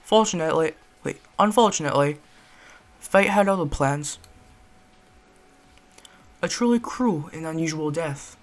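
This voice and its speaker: A man putting on a formal young male barista with a British accent, courteous to a fault and stiffly polite. He speaks each line in a measured, proper way, like a game character read aloud from a visual novel. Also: on the high side. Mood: grave. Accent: put-on British.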